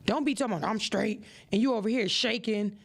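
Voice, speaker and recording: Woman host with a gravelly edge, preachy and animated. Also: quick pace. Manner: animated and preachy, with expressive rises in pitch. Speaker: podcast host. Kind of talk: motivational podcast talk.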